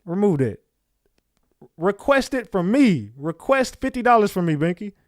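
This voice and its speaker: Guy on a livestream giving shoutouts to chat, kinda high voice, dry close sound, aave slang. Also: sing-song, moderate pace, dry recording. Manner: loose, slangy, calls out chat names. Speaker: livestream host. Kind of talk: casual livestream chat with viewers.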